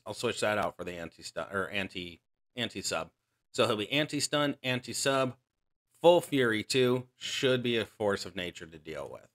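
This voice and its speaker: A man with a fairly low voice and a bright, forceful edge talks through a match in casual gameplay commentary. He explains his strategy step by step and often stops to correct himself. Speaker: gaming channel host.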